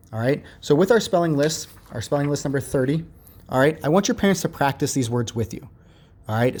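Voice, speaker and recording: A patient young man teaching a remote lesson, explaining each step slowly and checking in often. His voice sits at a moderate, everyday pitch. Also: darkish tone. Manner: patient, step-by-step, repeats "all right" and "okay". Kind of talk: recorded remote lesson walkthrough.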